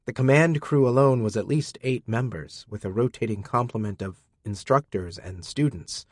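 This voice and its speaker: A man narrating a first-person audiobook in a dry, deadpan manner. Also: mid-range voice, normal speed, dry recording.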